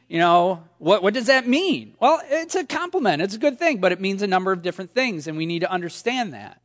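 High-voiced pastor preaching in a reverberant hall. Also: male voice, very animated, quick pace, hardly any pauses. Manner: conversational storytelling with humor. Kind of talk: sermon.

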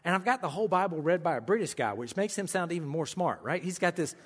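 A man's voice: sits high, lively intonation, quick pace, breathy edge, in a large hall. A man with an American country accent preaching a sermon in a church, emphatic with folksy humorous asides. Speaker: pastor.

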